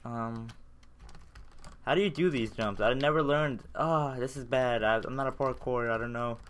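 A man's voice: mid-range voice, normal speed, fairly bright tone, smooth. A young man with a sore throat giving casual gameplay commentary, ranting and swearing in frustration as he keeps failing. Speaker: gaming channel host.

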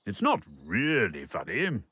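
A man narrating a children's cartoon, gentle and patient as he talks to the characters. He speaks slowly, and his pitch rises and falls a great deal. There is a clear hiss of noise in the soundtrack. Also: wildly swooping pitch.

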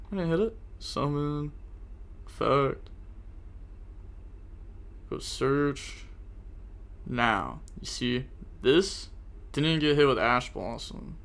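Young male card-game streamer, raspy edge, bright tone, self-critical chat with viewers. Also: mid-range voice. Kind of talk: live card game commentary.

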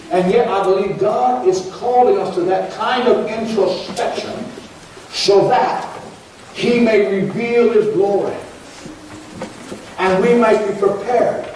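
A man's voice: sits high, a little mellow, a little hiss or hum. A man, a pastor preaching a sermon in a church, earnest and repetitive, rising into pleading prayers. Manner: earnest preaching with repeated words and rising pleas. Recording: echoey church from a distance with faint ambience.

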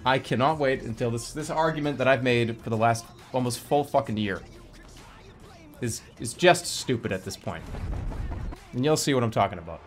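A man in his thirties streaming games, joking and shifting from mumbles to excited shouts. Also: mid-range voice, normal speed. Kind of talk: casual gaming stream commentary.

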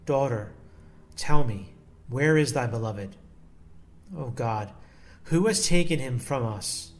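A man reading aloud the lines of a grieving holy mother in a solemn, measured devotional style with archaic phrasing. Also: mid-range voice, lively intonation. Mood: mournful. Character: sorrowing mother of Jesus, grieving woman.

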